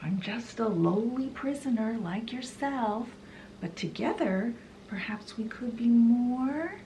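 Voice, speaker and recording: A woman voicing a creepy, scheming old male prisoner in a low, hushed, sinister voice. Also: animated, slow pace, slight background noise, rough recording.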